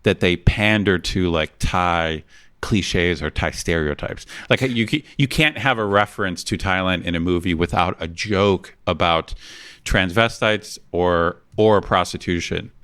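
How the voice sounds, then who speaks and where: Brief: male podcast co-host, low voice, thoughtful and halting, casual. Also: fairly bright tone, clean tone. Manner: thoughtful, hesitant, restarts and laughs.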